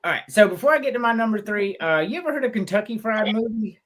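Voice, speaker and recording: A man co-hosting a podcast, recounting stories in a profane, laughing rush. His pitch is lively and keeps swinging up and down as he gets carried away. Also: fast. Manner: animated, profane storytelling with laughter. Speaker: podcast co-host. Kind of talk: casual podcast chat.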